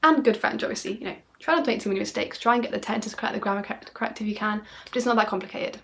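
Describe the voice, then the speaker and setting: A woman's voice: mid-range voice, rapid-fire, creaky. A woman from the UK teaching an exam lesson in an upbeat, emphatic way, often checking in with the listener. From United Kingdom. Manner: animated, playing up phrases with dramatic tone. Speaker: French exam tutor. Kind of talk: video lesson monologue.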